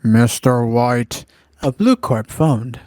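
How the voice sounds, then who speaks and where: A man's voice: medium pitch, slow, noisy background, lightly acted. A man voicing a polite male hotel bellboy in a game, courteous and formal.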